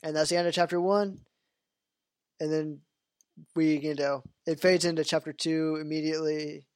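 A man with a fairly high voice hosts a casual podcast, and he rambles loosely with lots of fillers. The sound is dry and close, with almost no room echo. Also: little pitch movement, moderate pace, clean tone. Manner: rambling, full of "you know" and "like" fillers. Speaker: podcast host. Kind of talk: casual chat about a video game.

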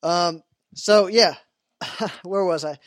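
A podcast host with a fairly high voice takes his time in a casual chat about a video game, rambling loosely and packing his talk with "you know" and "like." The recording is dry and close, with almost no room echo.

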